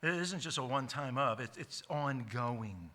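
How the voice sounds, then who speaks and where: Male pastor, sermon delivery, bright edgy tone, emphatic with restarts. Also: mid-range voice, expressive. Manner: emphatic, repeats key words slowly, frequent restarts. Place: church sanctuary.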